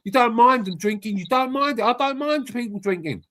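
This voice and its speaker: A man hosting a casual online chat in a notably high voice. He talks bluntly and full of slang, often lecturing the others. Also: animated, fairly quick, a bit bright. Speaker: host of live stream chat.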